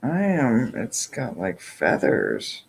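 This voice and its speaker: A man chatting through an unboxing, gushing with breathy exclamations and whispered asides. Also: mid-range voice, huge pitch swings, slow pace, a little hiss or hum, poor audio. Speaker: vlogger unboxing subscription boxes. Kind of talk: casual unboxing chat.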